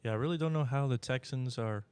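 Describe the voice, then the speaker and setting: A man's voice: medium pitch, fast talker, a little mellow, clean tone, dry recording. A man co-hosting a sports betting podcast in a radio studio, laid-back with dry remarks. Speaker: podcast co-host. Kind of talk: casual sports betting chat.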